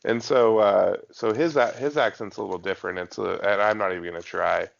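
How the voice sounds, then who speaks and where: A man's voice: fairly low pitch, fairly quick, creaky, highs cut off. A man co-hosting a podcast in casual chat, rambling with lots of fillers and restarts. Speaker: podcast co-host.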